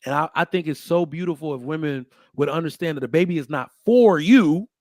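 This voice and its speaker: A young man with a somewhat high voice holds forth in a talk show, emphatic and preachy, building his point like a sermon. The sound is close and dry, with no room around it. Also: brisk, dry recording. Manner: emphatic, preachy, animated storytelling with acted quotes. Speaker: podcast host. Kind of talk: casual opinionated chat.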